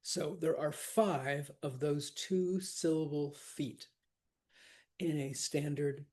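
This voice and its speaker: A man teaching a class on verse, animated and laughing often, repeating words to stress them. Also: a little high, slow. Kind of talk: classroom lecture.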